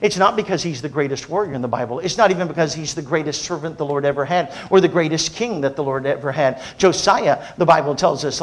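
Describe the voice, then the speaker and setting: Animated man preaching a sermon. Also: on the high side, fast talker, hardly any pauses. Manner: animated, humorous storytelling then earnest preaching.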